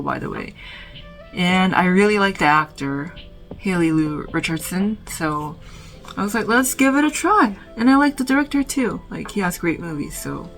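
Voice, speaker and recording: A woman vlogging from her bedroom, talking about films in a reflective, halting way full of "like". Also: fairly low pitch, a bit bright, poor audio. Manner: reflective, halting, heavy use of "like". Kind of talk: casual film recommendations.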